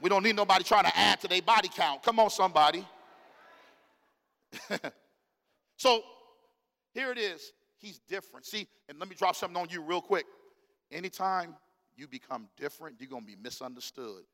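A middle-aged man preaching a sermon, animated and slang-filled, calling out to the congregation in a church. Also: high-pitched, normal speed, long pauses, in a large hall. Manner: casual slang-filled delivery. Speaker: pastor. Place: church sanctuary.

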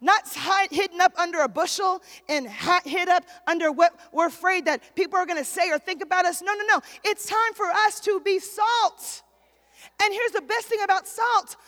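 A woman pastor preaching a sermon in a church, building to shouted, repeated declarations. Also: very high voice, normal speed. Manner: preaching with rising shouts and repetition. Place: church sanctuary. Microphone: handheld microphone. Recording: long hall reverb.

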